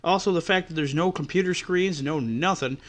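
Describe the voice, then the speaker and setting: Guy ranting on his podcast, swears a lot, fed up, voice sits a bit high. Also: normal speed. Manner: profane, exasperated ranting. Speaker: podcast host. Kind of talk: ranting storytelling.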